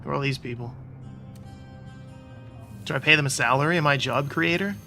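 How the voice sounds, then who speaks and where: A man's voice: medium pitch, a little fast, creaky, bright, forceful tone. A man doing casual let's-play commentary, making sarcastic, joking asides as he plays. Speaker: gaming YouTuber. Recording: game audio with music behind.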